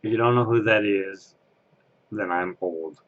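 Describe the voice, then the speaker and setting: A man's voice: on the low side, measured pace, phone-quality sound. A man chatting casually on camera as an interviewee, rambling and laughing at himself. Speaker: Disney fan interviewee. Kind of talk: casual chat.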